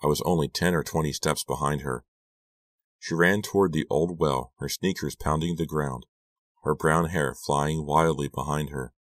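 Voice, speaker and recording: A man narrating an audiobook thriller in a steady, measured storytelling voice. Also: rumbling low, no room sound. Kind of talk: scripted narration.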